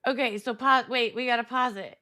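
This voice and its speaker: A woman's voice: on the high side, fairly even intonation, brisk, sharp tone, no room sound. A woman from California co-hosting a podcast, chatting and explaining in a dry, amused way. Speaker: podcast co-host. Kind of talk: casual chat.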